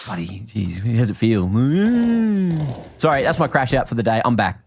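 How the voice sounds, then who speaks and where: A man's voice: fairly high pitch, huge pitch swings, measured pace, a little hiss or hum. A man casting an esports match in a playful, jokey, mock-exasperated way. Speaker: esports caster. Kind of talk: casual co-commentary banter.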